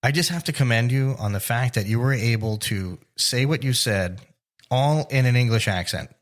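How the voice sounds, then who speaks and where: A man's voice: medium pitch, normal speed. A man hosting a casual podcast interview, asking curious conversational questions. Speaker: podcast host.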